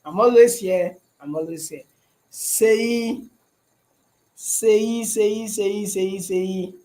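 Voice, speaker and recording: A Nigerian man hosts a casual livestream from his shop. His voice sits high for a man. He talks in loops, repeating lines and checking in with "you understand?". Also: drawn-out words, mellow, low-quality recording. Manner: repeats phrases, keeps asking "you understand?". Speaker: livestream host.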